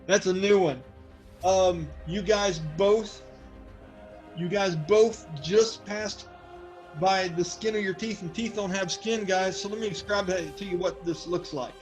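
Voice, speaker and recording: A high-pitched man narrates as game master of a tabletop game. He tells the scene in a loose, joking way, full of fillers, and faint music plays behind him. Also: a little slow, darkish tone, rough recording.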